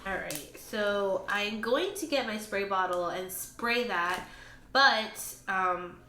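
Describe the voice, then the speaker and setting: A woman's voice: mid-range voice, takes it slowly. Chatty woman, plant vlogger. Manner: chatty and expressive, talks to her plants. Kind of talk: casual vlog narration. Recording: echoey room with faint ambient noise.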